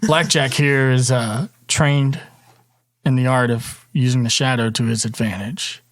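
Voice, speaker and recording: A man narrating a tabletop game as dungeon master, relaxed, with fillers. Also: mid-range voice, measured pace, dry recording, clean studio sound.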